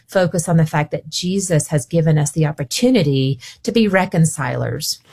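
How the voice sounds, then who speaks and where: Woman, radio guest, lowish voice, earnest scripture teaching, many fillers. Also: normal speed, gravelly, a little mellow, husky. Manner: earnest, with frequent "you know" fillers. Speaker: guest speaker. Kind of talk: Bible teaching in a radio interview.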